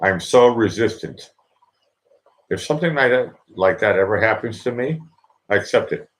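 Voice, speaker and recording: Speaking directly to camera, a vlogger with a deep, low voice delivers a loose, personal monologue at a moderate pace. Expressive, earnest, and heartfelt, he rambles, circles back, and repeats phrases while sorting through his thoughts.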